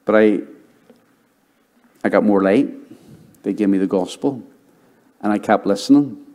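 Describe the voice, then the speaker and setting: A middle-aged male pastor preaching a sermon and telling his conversion story, dropping to a hushed voice when he quotes people. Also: lowish voice, a little slow. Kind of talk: sermon with personal testimony.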